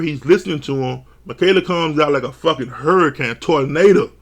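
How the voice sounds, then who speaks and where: A man recapping a reality show episode in a casual, animated way, swearing often and acting out quotes. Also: on the high side, normal speed. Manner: animated, swears a lot, quotes people in jumpy voices.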